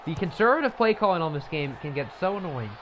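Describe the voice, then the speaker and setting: A man's voice: on the high side, big pitch swings, fast talker, highs cut off, background noise. A man casually commentating a video game football league on a live stream, rambling into chatty asides between plays.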